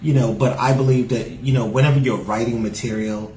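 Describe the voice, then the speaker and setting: A man's voice: mid-range voice, steady tone, fairly quick, a little mellow, roomy sound, a little hiss or hum, rough recording. A man with a New York accent tinged with Southern sounds, a stand-up comic chatting as a podcast guest with many "you know" fillers. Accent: New York with a Southern lilt. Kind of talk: casual podcast interview.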